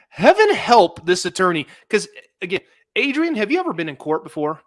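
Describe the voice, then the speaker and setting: A man hosting a casual podcast talk about a legal case, animated and laughing often, with many restarts. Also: high voice, moderate pace, no room sound, clean studio sound. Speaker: podcast host.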